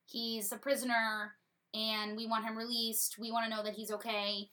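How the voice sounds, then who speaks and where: A man's voice: high-pitched, completely flat delivery, moderate pace, bright, forceful tone. A woman doing blunt, fed-up noblemen. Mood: indignant. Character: blunt, indignant group of male lords.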